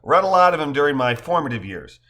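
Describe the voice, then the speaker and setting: A man's voice: fairly high pitch, sing-song, fast, sharp tone. A man reading an audiobook, voicing a playful, jokey man with corny humor. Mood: joking.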